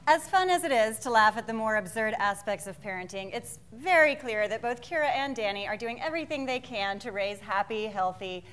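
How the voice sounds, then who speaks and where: A woman's voice: on the high side, animated, brisk, few pauses, a crowd in the background, noisy background. Woman co-hosting with wry delivery. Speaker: co-host. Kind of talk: scripted comedic hosting.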